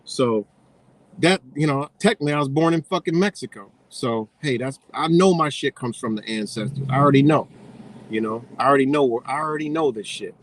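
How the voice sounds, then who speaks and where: A man's voice: mid-range voice, fairly quick. Profane rambling man ranting on stream. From United States. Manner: profane, rambling, loses train of thought. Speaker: livestreamer. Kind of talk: casual livestream rant.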